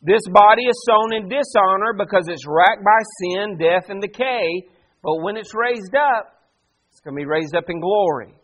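A pastor preaching a sermon, animated and full of rhetorical questions to the congregation. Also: male voice, sits high, moderate pace.

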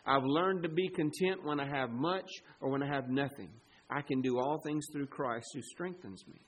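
A man preaching a sermon, rising to loud emphasis and dropping to quiet, low asides, stretching words as he reads scripture. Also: husky, low-quality recording. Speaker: pastor.

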